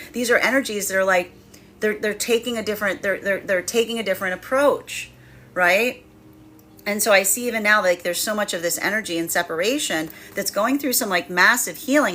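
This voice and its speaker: Woman doing a tarot reading, loose and chatty, lots of "like", bright forceful voice. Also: mid-range voice, a little hiss or hum. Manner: chatty, with many fillers, laughing while acting out quoted voices. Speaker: tarot reader. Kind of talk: casual spoken tarot reading.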